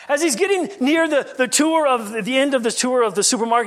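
A man preaching a sermon, reading scripture slowly and then talking it through in a conversational way with frequent restarts. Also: very high-pitched, a bit bright. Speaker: pastor.

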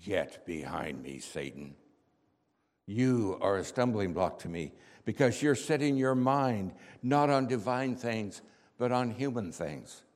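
A man voicing Jesus in a solemn, measured way within his monologue. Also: mid-range voice, sing-song, a little mellow. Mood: stern. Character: Jesus, calm, grave and authoritative. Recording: long hall reverb.

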